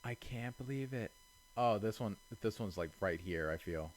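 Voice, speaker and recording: A young man giving casual let's-play commentary, exasperated and self-mocking, swinging between quiet mutters and loud outbursts. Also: fairly low pitch, lively intonation, normal speed. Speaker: gaming channel host.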